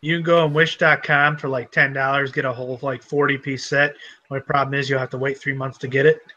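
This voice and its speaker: Bright-voiced joking man, dull recording. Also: mid-range voice, little pitch movement, fast. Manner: joking, teasing. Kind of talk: casual podcast chat.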